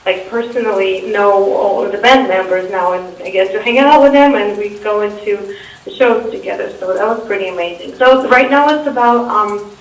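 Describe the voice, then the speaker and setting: A young woman with a Russian accent talks through interview answers in an unhurried, hesitant way, full of fillers and false starts. Her voice sits at an ordinary pitch and comes from some distance off the mic in an echoey room. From Eastern Europe. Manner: hesitant, lots of fillers and restarts. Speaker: interview guest.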